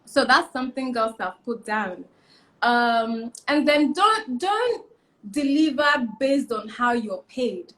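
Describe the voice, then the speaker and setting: A woman's voice: a little high, takes it slowly. A young woman, a fashion stylist giving emphatic advice as a guest in a casual interview. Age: young adult. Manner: emphatic, repeats key points, animated.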